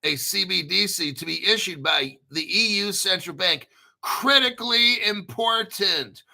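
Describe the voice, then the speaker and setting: An American man hosting a casual commentary, brash and profane, joking around and often clearing his throat. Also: high-pitched, a little slow, bright, forceful tone. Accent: General American. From United States. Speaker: crypto video host. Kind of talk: casual commentary reading articles.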